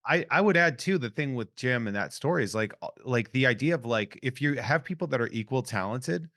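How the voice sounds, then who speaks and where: A man's voice: mid-range voice, animated, brisk, fairly bright tone. A man hosting a podcast in casual chat, talking in loose, rambling sentences with lots of restarts. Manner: rambling, full of restarts and 'like' fillers. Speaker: podcast host.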